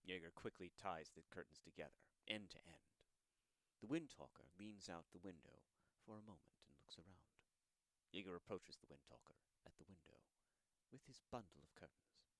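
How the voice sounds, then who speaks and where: A man's voice: sits low, moderate pace, a bit bright, no room sound. A man narrating the scene action in a plain, descriptive way.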